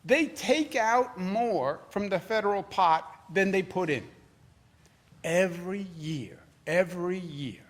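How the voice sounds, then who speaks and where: A man's voice: sits high, animated, slow pace. A man with a New York accent answering reporters at a press briefing as governor, combative and repetitive, building to emphatic outbursts.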